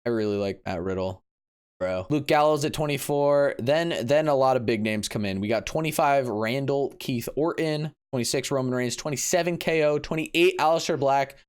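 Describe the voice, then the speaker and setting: A man giving a casual, excitable recap of a wrestling event as a vlogger, dropping low and then bursting into sudden yelps. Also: moderate pace, clear, resonant tone.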